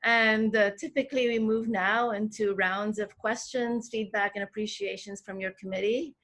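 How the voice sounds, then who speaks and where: A woman's voice: medium pitch, fairly even intonation, normal speed, a bit bright. Formal woman chairing a defense. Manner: appreciative and formal. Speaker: dissertation committee chair. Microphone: video call.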